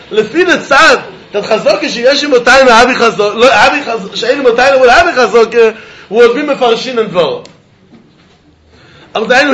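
A man's voice: extremely high pitch, fairly bright tone, a little hiss or hum. A man teaching a Talmud lecture, posing rhetorical questions and chuckling as he argues. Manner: poses rhetorical questions, chuckles while arguing. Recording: roomy echo.

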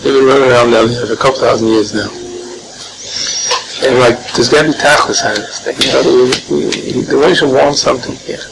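A man teaching an informal Torah class, animated and joking, sprinkling in Hebrew and Yiddish terms. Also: medium pitch, fairly quick, creaky. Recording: noisy room recording.

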